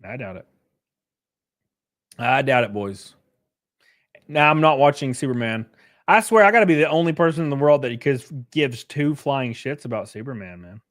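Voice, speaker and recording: A young man casually chatting on a livestream while reading chat. He is loose and profane, uses lots of fillers and suddenly jumps way up in pitch for jokes. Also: normal speed, long pauses. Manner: animated, pitch jumps up sharply on bits.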